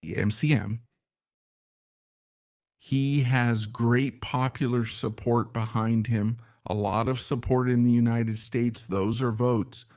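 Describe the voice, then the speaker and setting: A man with a gravelly edge to his voice delivers opinionated commentary, leaning hard on his points and stacking rhetorical questions. The sound is close and dry, with no room around it. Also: medium pitch, steady tone, slow, darkish tone, no echo. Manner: emphatic, repeats points and fires rhetorical questions. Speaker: political commentator. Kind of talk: opinionated current-affairs commentary.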